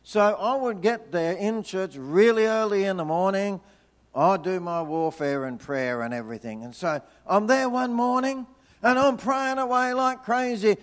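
A man preaching a sermon, telling a personal story with energy, then dropping into hushed, slow prayer. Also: high voice, lively intonation. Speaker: pastor.

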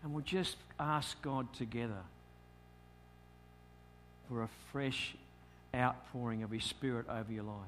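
A man's voice: mid-range voice, unhurried, pauses often, slight background noise. Australian man preaching with storytelling flair. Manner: lively storytelling, acts out his own thoughts. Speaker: pastor. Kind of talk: sermon storytelling.

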